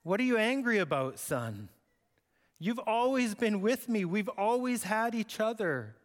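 A man's voice: high-pitched, lively intonation, a little slow, voice pushed up. A man voicing a tender middle-aged father who pleads earnestly with his son. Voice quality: earnest, imploring. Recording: echoey hall.

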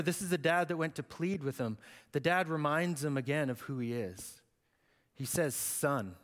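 A man preaching a sermon in an expressive, conversational way. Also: fairly high pitch. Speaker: pastor. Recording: echoey hall.

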